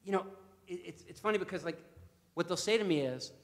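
Animated man telling a story in a hall. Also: high-pitched, fast. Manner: animated, repeats words when starting sentences. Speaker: guest speaker. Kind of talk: storytelling talk to an assembly. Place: assembly hall.

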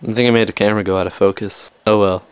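A man's voice: lowish voice, level tone, racing, clear, resonant tone. A young man rambling to his camera in a casual bedroom vlog, jumping between topics and mocking himself. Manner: jumpy, self-mocking, talks straight to the camera. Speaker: vlogger.

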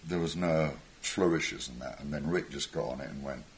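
A man's voice: a bass voice, moderate pace. An older man, a musician guest on stage, telling rambling anecdotes with chuckles and acted-out voices. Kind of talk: anecdotal storytelling.

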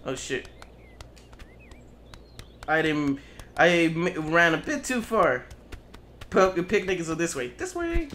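High bright man, lively swings, playful taunting game commentary with swearing, faint music behind. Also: slow pace, pauses often, slight background noise. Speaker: gameplay commentator. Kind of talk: casual let's play commentary.

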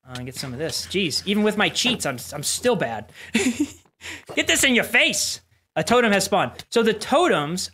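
An adult streamer giving rambling, excitable live commentary while playing game boss fights, with sudden yelps. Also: mid-range voice, slight background noise. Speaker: streamer playing community-made game bosses.

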